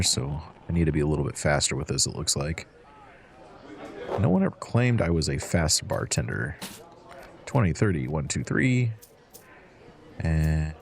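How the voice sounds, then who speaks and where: A man hosting a let's-play, chatting to in-game customers as he serves drinks and counts out change. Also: extremely low pitch. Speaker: gaming channel host. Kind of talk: relaxed let's-play commentary.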